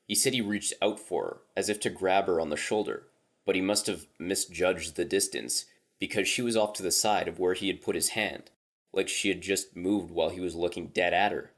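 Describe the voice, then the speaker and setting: Male horror story reader, low register, casual and profane first-person delivery. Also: moderate pace.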